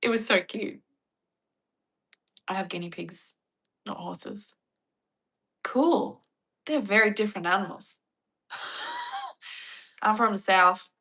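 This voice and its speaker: Woman streamer, bright voice, playful chat with viewers. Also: medium pitch, huge pitch swings, takes it slowly, long pauses, breathy edge. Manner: chatty, playful, laughs often. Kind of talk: casual chat.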